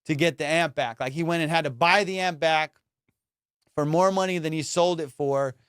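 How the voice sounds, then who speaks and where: A young man hosting a podcast, casually telling a story in slangy, animated talk and acting out the people in it. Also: a little high, moderate pace, clear, resonant tone, dry recording, studio quality. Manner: animated, laughing, slangy retelling with quoted voices. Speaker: podcast host.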